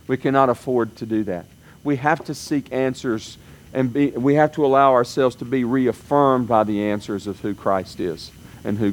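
A man preaching a sermon in a conversational way, often checking in with the congregation and acting out quoted voices. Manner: conversational, frequent "okay?" check-ins; acts out quoted voices with sudden pitch jumps. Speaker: pastor.

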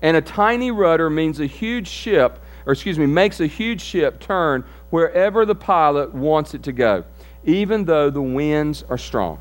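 A man's voice: a little high, expressive, a little slow, faint music behind. A man as pastor giving a conversational sermon, often asking the congregation questions. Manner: conversational, asks the audience questions.

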